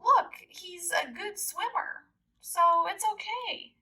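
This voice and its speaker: A woman's voice: extremely high pitch, slow, sharp tone, distant mic, voice pushed up, exaggerated voice. A woman voicing a protective mother duck who firmly scolds others in a storybook. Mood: scolding. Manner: firm, scolding.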